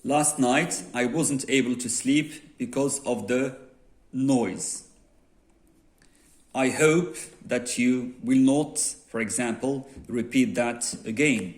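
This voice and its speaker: A man with a Moroccan accent teaches an English lesson, reading each sentence out slowly and word by word as if dictating. His pitch sits in an ordinary middle range, and faint writing sounds are heard behind him. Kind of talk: exam correction lesson.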